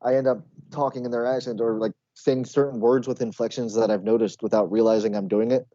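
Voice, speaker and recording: An American man co-hosts a podcast with quick, rambling, swear-laced chat. His voice is mellow and darker than most, though mid-pitched. The mic sounds dry and a bit dull. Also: steady tone, dry recording. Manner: rapid, rambling, swears casually. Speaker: podcast co-host. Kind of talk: casual chat.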